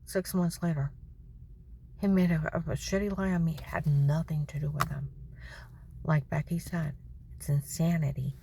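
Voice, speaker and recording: Woman venting in a rambling monologue, gravelly lowish voice, drops to whispers, faint hiss behind. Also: steady tone, normal speed, pauses often, dark tone. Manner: rambling and indignant, often dropping to a whisper. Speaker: vlogger. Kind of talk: aggrieved personal monologue.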